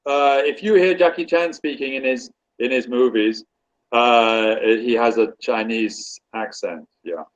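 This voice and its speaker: A British man tutoring English on a video call, talking in a relaxed way and repeating phrases while he thinks. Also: mid-range voice, a little slow, lo-fi sound. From Britain. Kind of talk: casual conversation on a video call.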